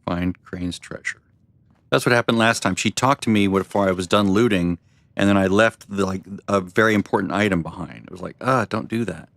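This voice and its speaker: A man gives casual, off-the-cuff commentary while he plays a video game. His voice sits a bit low, and he rambles and makes fun of his own slip-ups. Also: fairly quick, gravelly, a bit bright, dry recording. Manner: rambling, self-deprecating. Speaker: streamer.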